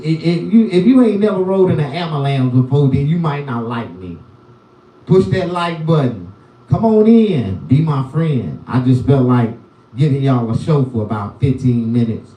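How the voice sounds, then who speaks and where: A man's voice: mid-range voice, warm tone, far from the mic. A man doing loose, rambling stand-up on a live stream, with a profane and repetitive manner. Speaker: comedian. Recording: roomy sound, voice from the mic.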